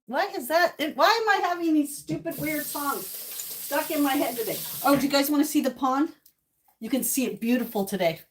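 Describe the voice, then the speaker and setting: A woman's voice: medium pitch, slight background noise. Chatty woman vlogging from home. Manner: chatty, talks to herself while cooking. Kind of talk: casual chat to viewers. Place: home kitchen and outdoor yard.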